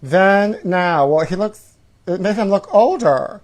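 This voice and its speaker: A man's voice: high-pitched, lively intonation, takes it slowly. A man hosts a comedy show and reads out tabloid stories. He is catty and sassy and keeps calling his listener honey between gasps of mock outrage. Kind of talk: campy comedic reading of tabloid headlines.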